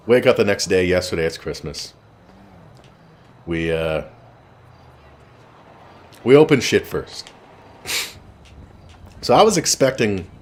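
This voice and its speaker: A man telling a rambling personal story in a blunt, casual way with frequent swearing, while streaming a game. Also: low-pitched. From Canada.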